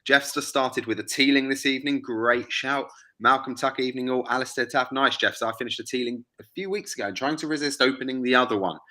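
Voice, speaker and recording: A man's voice: medium pitch, quick pace, pushed and bright. A man co-hosting a live whiskey tasting, upbeat as he reads out viewers' names and messages in casual chat. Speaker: co-host reading out viewer comments.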